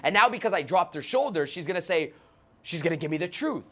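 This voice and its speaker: Fast-talking brash profane salesman. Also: a little high, expressive, pushed and bright. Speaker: sales trainer, guest. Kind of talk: animated podcast interview.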